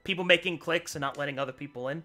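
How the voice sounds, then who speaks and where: A man's voice: on the high side, rapid-fire, bright, forceful tone. A man in casual chat, ranting heatedly and swearing as he vents. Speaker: tabletop game player.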